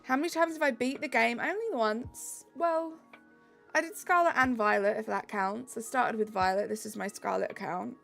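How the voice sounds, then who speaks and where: A woman's voice: on the high side, normal speed, creaky, fairly bright tone, faint music behind. A young woman from England with a Southeast English accent, chatting upbeat with her live-stream chat while she plays.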